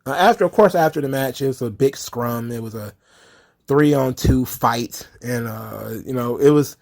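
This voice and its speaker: A man's voice: medium pitch, normal speed, creaky, darkish tone. A man giving casual solo commentary on a wrestling show, blunt, sarcastic and profane.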